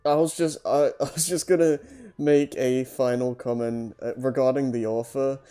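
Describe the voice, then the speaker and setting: A man co-hosting a podcast, rambling and halting with little laughs. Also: medium pitch, fairly even intonation, dark tone, clean tone, faint music behind. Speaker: podcast co-host. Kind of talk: casual chat.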